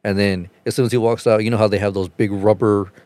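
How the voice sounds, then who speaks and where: A man chatting casually on a podcast, telling a rambling, profane story and getting animated as he retells it. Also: lowish voice, fast talker, no room sound.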